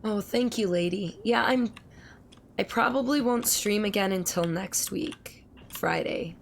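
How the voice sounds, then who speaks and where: Woman streamer talking slow and gravelly, voice still worn from a cold, chatty with chat, faint hiss behind. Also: medium pitch. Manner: chatty, rambling, talks to chat. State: recovering from a cold, voice not at full strength. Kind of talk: casual gameplay commentary.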